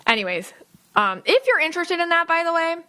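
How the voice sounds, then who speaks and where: A woman's voice: very high-pitched, big pitch swings, a little fast, sharp tone. A woman hosting her own podcast as a psychic medium, talking casually and at length, full of fillers and restarts, and acting out the people she quotes. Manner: chatty, many fillers and restarts, acts out quotes. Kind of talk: casual solo podcast monologue.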